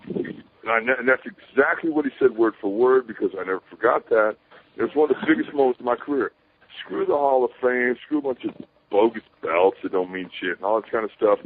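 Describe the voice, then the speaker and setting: Animated man on a tinny phone line. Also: medium pitch, quick pace. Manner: animated, swears casually, acts out quoted voices. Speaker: interview guest. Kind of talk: rambling storytelling.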